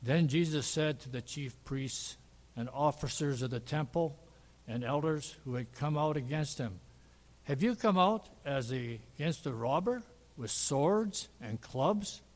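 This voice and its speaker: A man reading scripture aloud in a measured, deliberate way. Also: a little high, animated. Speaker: scripture reader. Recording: long reverb of a large hall.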